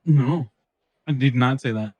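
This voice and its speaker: A man's voice: mid-range voice, unhurried, no echo, muffled recording. A man in a roleplay game talking in character, hesitant and stumbling over his words.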